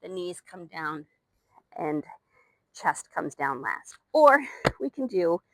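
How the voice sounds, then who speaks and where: On a new microphone, a young female Pilates instructor leads a live workout, breathless as she exercises along, counting reps and offering encouragement. Her fairly low voice is very animated but slow-paced, and the recording is dry.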